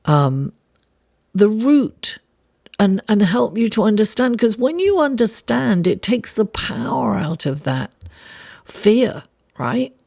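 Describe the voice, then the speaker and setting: A woman astrologer with a raspy voice from being under the weather, giving a weekly horoscope and tarot reading in an unhurried, reflective way with many fillers. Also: mid-range voice, sing-song, darkish tone.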